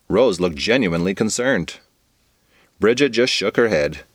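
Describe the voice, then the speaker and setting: A man's voice: on the low side, animated, a little slow, no room sound, studio quality. A man narrating a goofy children's story in a playful, comic manner. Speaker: podcast storyteller.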